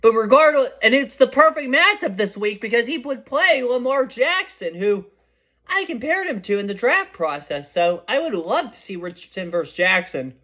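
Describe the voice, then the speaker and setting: A young man hosting a podcast, giving casual sports predictions in a chatty, excitable way and often correcting himself mid-sentence. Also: very high voice, moderate pace. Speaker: podcast host.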